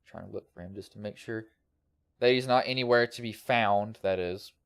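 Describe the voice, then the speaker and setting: A man's voice: fairly low pitch, normal speed, vocal fry, smooth, no room sound, studio quality. A male sim racing broadcaster with a slight country lilt, giving a casual, rambling post-race recap over a headset.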